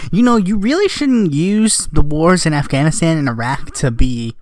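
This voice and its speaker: A man's voice: fairly high pitch, animated, moderate pace. A man vlogging in casual commentary, sarcastic and rambling, often correcting himself mid-sentence.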